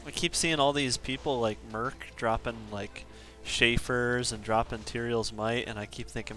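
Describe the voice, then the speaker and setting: A man's voice: medium pitch, fairly even intonation, normal speed, hardly any pauses, fairly bright tone, soft background music. A man chatting casually on a live game stream, chuckling often as he reads out viewer requests. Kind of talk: casual live-stream chat while gaming.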